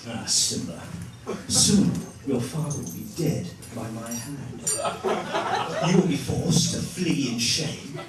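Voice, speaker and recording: A man with a British accent voicing a menacing, theatrical lion villain with slow, grand, overly precise diction. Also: mid-range voice, lively intonation. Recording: roomy, distant, noisy club.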